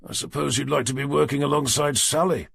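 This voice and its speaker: A man's voice: mid-range voice, steady tone, a little fast, vocal fry, a bit bright, slightly rough, no room sound, voice pushed up. A man voicing a weary, sardonic detective inspector in an audiobook, dry and commanding. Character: gruff weary middle-aged male detective inspector. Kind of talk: audiobook character reading.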